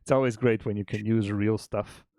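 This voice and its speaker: A man co-hosting a stream, chatting casually about making a game, relaxed and chuckling, often restarting his sentences. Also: fairly low pitch, moderate pace, no echo. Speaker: game developer and stream co-host.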